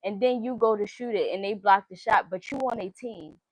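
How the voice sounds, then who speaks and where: Brisk and a little mellow, this medium-pitched woman's voice chants through card meanings during an offhand tarot reading. She's blunt, speaks her mind, and swears freely. The low-quality recording has no room sound.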